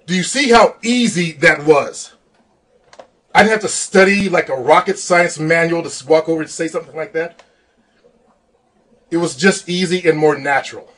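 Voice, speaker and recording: A man's voice: a little high, fairly quick, breathy edge. A man coaching viewers on dating in a blunt, repetitive lecturing monologue. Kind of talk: advice monologue.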